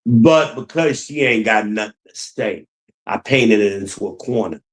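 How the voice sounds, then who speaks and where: At a moderate pace, a man with a fairly low-pitched voice hosts a solo podcast on a low-quality recording. His monologue is offhand and blunt, laced with profanity as he vents, rambling and restating the same ideas.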